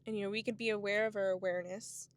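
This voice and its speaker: Here a twenty-something vlogger talks fast in a smooth, mid-range voice with a steady tone. She reflects casually on camera in a spiritual vein, her speech full of "like" and "you know."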